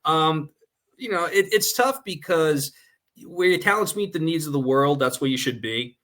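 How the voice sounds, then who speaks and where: Fast-talking nasal New York man. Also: on the high side. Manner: fast-talking, animated storyteller. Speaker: guest filmmaker. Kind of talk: casual talk-show chat.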